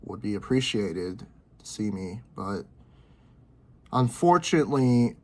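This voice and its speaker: Man, early twenties, somewhat low voice, rambling, repetitive, halting, vlog from his bedroom. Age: 20s. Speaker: vlogger. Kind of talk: personal talk to camera.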